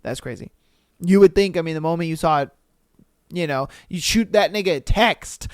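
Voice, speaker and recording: A man's voice: a little high, normal speed, clear, resonant tone, dry recording, clean studio sound. A man hosting a podcast, reading a story aloud and then ranting bluntly with plenty of swearing. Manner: blunt, profane, animated rants. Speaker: podcast host. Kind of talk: reading and reacting to stories.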